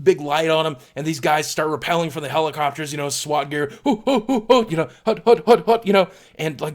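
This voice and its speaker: A man telling a long shaggy-dog joke, with an animated, drawn-out buildup and sudden jumps in his voice. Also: a little high. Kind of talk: comedic storytelling.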